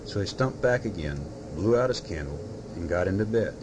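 A man reading a children's storybook aloud in a gentle, unhurried way. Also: low-pitched, animated, background noise.

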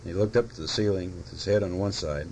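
A man reading a children's storybook aloud in a gentle, unhurried way. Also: low voice, a little hiss or hum, poor audio.

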